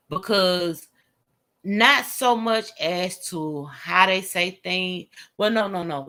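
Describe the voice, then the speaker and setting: A woman's voice: fairly low pitch, gravelly. A woman hosting a casual live stream, talking bluntly with plenty of cursing and laughter. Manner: blunt, profane and animated, with laughter and drawn-out asides.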